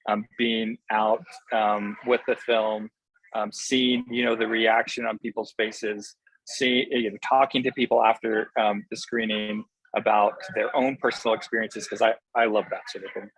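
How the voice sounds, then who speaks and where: A man's voice: lowish voice, level tone, moderate pace, a bit bright, a little hiss or hum, poor audio. A man being interviewed as a film director, talking in an earnest, enthusiastic way that often halts on fillers. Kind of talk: casual interview answers.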